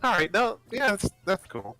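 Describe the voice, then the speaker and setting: A man's voice: sits high, very animated, normal speed, bright, forceful tone, dry recording, soft background music, rough recording. A man hosting a let's play, chatting casually and laughing as he rambles about the game. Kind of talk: casual gaming chat.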